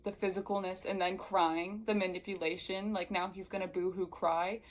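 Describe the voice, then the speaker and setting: A young woman, a book reviewer, reads a novel aloud in a fairly low, flat voice at normal speed, and the recording quality is low. She keeps breaking off into sarcastic, exasperated asides packed with "like."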